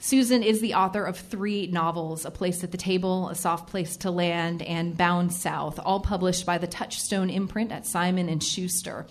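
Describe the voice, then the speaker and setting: A woman host reading a guest introduction in a slightly low voice. Her delivery is brisk and upbeat, clear and steady. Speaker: podcast host introducing a reader.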